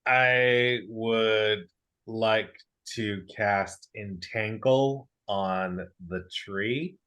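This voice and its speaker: A man playing a tabletop game, speaking haltingly and apologizing while he looks up a spell. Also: lowish voice, a bit bright, clear, resonant tone. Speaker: player. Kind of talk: casual tabletop game chat.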